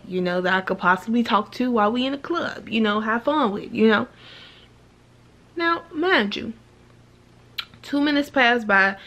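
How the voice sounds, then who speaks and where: Animated young woman telling a storytime vlog. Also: creaky. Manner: animated, acts out quotes with rising pitch. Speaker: vlogger. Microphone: camera mic, then phone vlog style.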